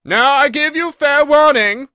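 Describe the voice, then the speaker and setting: A man voicing a tyrannical queen who shouts her orders in a shrill, bellowing voice, for a storybook reading. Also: a little slow, no echo, full character voice. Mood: furious.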